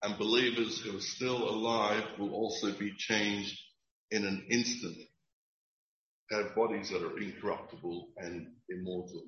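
A man preaching a sermon in an earnest, emphatic and measured way, with occasional restarts. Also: fairly low pitch, steady tone, a bit bright, echoey room, lo-fi sound. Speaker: pastor.

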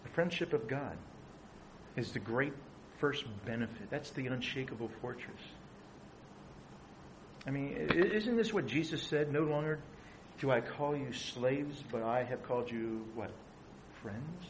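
Middle-aged male pastor, chatty teaching sermon, even mid pitch, slight background hiss. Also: measured pace, long pauses. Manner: conversational, asks the audience questions.

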